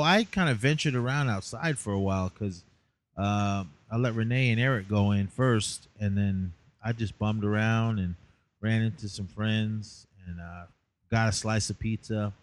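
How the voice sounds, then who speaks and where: A tired man casually recapping his day as a podcast host, rambling with many fillers. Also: lowish voice. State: tired, yawning.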